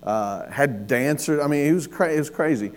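A man, preaching a sermon and telling a personal story with lively, acted-out dialogue. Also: fairly high pitch, normal speed. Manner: storytelling, animated with laughs and acted-out quotes. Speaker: pastor.

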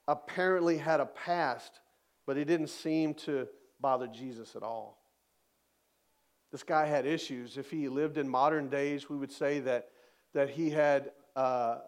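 A man preaching a sermon, reading scripture aloud with emphatic, dramatic rises in his voice. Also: on the high side. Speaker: pastor.

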